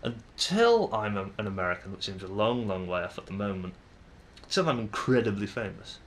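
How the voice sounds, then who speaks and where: A man's voice: lowish voice, sing-song, a little fast, slight background noise. A young Englishman with an English accent, musing to camera in a rambling, hesitant way with many fillers and restarts. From England. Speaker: vlogger.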